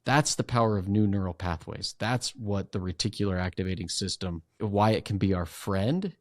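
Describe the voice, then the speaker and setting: Man, low voice, podcast guest, animated conversational explaining, dry close sound. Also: normal speed, no room sound. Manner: animated, acts out inner voices while explaining.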